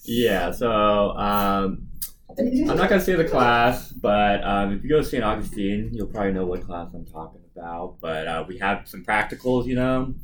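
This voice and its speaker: Lively, low-voiced man telling a story. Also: normal speed, slight background noise, low-quality recording. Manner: animated, acts out quoted voices. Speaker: podcast co-host. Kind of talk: casual storytelling chat.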